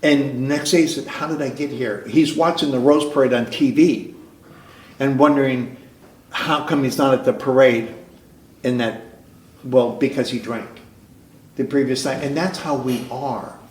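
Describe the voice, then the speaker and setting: A man sharing his personal recovery story at a meeting, earnest and halting, often restarting his sentences. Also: mid-range voice, steady tone. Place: recovery club meeting room. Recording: roomy club meeting hall.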